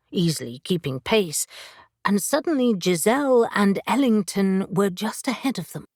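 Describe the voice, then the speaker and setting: A woman narrating an audiobook in a measured way, giving each character a voice. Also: medium pitch, no room sound, clean studio sound. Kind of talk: scripted narration.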